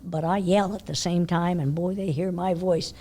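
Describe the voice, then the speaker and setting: An older woman telling horse-show stories in a casual interview, animated, laughing often and dropping to a hush when she quotes herself. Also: on the low side, moderate pace, slight background noise. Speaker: interview guest, horse trainer.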